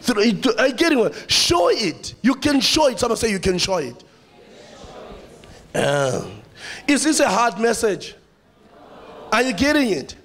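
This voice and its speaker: South african preacher guy, pretty high voice, keeps repeating himself, talking right at the church. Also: measured pace. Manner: animated, repeats phrases and addresses the church directly. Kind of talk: sermon.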